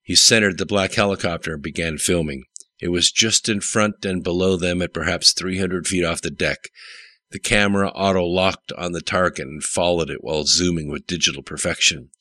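A man's voice: fairly even intonation, moderate pace, sharp tone, no echo. A man narrating a story aloud, reading every character's lines himself. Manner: reads all characters in a mostly plain voice, rising pitch for dialogue. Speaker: audiobook narrator. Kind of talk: scripted narration.

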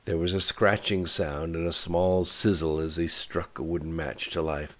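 Deep-voiced man reading a story. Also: little pitch movement, normal speed, hardly any pauses, fairly bright tone. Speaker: audiobook narrator. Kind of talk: scripted narration.

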